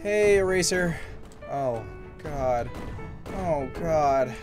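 A gaming channel host commenting dryly and sarcastically on a hard game, with crude jokes and an upbeat sign-off. The voice sits mid-pitch. Music plays clearly in the background. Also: lively intonation, extremely slow, darkish tone. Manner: dry, sarcastic, crude joking. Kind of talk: let's-play gaming commentary.

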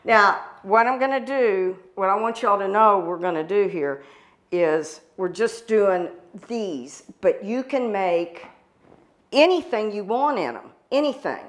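A woman's voice: mid-range voice, lively intonation, measured pace. Southern lady chef, folksy chatty cooking demo, says y'all. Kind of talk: cooking demonstration.

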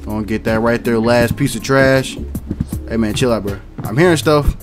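A man's voice: mid-range voice, moderate pace, music in the background. A young man giving casual, slangy commentary while playing a horror game, jumpy and talking to himself. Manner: jumpy, slangy, self-talking, bursts into startled shouts. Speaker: gaming YouTuber.

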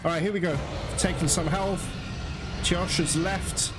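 A man's voice: sits high, fairly even intonation, measured pace, loud music behind the voice. A man giving live commentary while playing a video game, frustrated and swearing at the game as he talks to his viewers. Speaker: gaming channel host.

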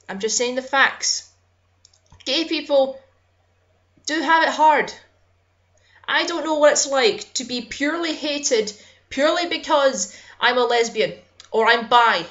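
A young woman with a high voice talks straight to camera in a heated personal rant. She swears freely and speaks with raw conviction. The sound is dull and lo-fi, like basic webcam audio. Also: measured pace, fairly bright tone. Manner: impassioned, swearing, apologizing for getting angry. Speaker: YouTuber.

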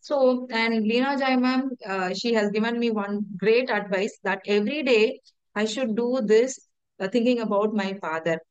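A woman's voice: on the high side, moderate pace, clean tone, dry recording, highs cut off. Earnest woman. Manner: earnest, hesitant, repeats words. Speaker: testimonial speaker. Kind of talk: personal testimonial.

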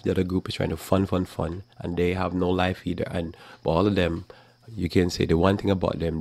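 Deep gravelly male preacher, dry close mic. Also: darkish tone, no echo. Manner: preachy, conversational, acts out quoted exchanges. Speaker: Bible teacher. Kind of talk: live talk program sermon.

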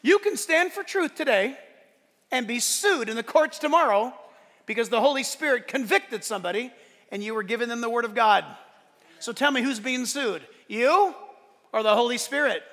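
High-pitched, bright-voiced preaching man. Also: moderate pace. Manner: emphatic, animated preaching with asides and jokes. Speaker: pastor. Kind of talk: sermon. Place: church sanctuary during a service. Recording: long reverb of a large hall.

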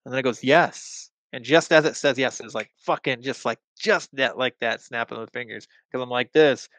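A man's voice: mid-range voice, normal speed, a bit bright, no room sound. A young man telling a personal story in casual podcast chat, rambling with lots of fillers and the odd swear word. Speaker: guest.

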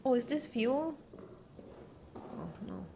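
A woman's voice: a little high, animated, slow pace, vocal fry, mellow, slight background noise. A young woman streaming a game, chatting casually with her viewers, asking them questions and laughing often. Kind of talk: casual live-stream chat while playing.

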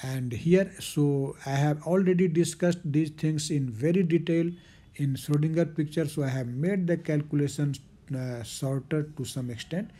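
A man giving a recorded physics lecture, repeating key terms slowly with fillers. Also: a little high, dark tone.

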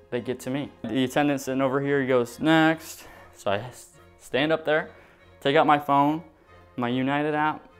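A young man telling a storytime vlog in an animated, dramatic way. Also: medium pitch. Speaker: vlogger.

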